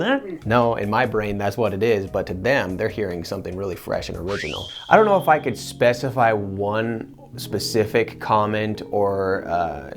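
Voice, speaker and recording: Male voice actor, lowish voice, earnest and animated in interview, soft guitar bed underneath. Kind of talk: interview answers to camera.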